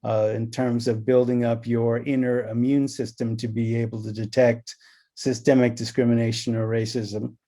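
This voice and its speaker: A man's voice: medium pitch, little pitch movement, normal speed, dark tone. A middle-aged man from Los Angeles giving a training talk, telling stories and acting out the dialogue in them. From Los Angeles, California. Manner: storytelling, acts out quoted dialogue. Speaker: presenter on anti-racism. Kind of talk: recorded training session talk.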